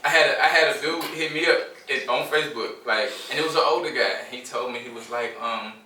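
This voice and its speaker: Fast, bright-voiced man in an echoey room. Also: medium pitch, a little hiss or hum. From Houston, Texas. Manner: animated storyteller acting out quoted dialogue. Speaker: podcast co-host. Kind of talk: casual group chat. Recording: echoey room, mic at a distance.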